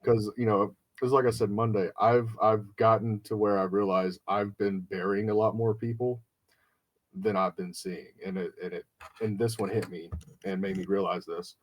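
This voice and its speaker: A man's voice: on the low side, fairly even intonation, moderate pace. Profane, storytelling podcast host man. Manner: profane, emotional, acts out quoted friends. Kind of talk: casual storytelling chat.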